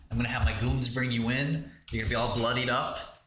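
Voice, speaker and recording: A man's voice: medium pitch, fairly even intonation, fairly quick, fairly bright tone, slight background noise. Sarcastic man riffing on a livestream. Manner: sarcastic, mocking riffs with bursts of laughter. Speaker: livestream host. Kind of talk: casual livestream chat.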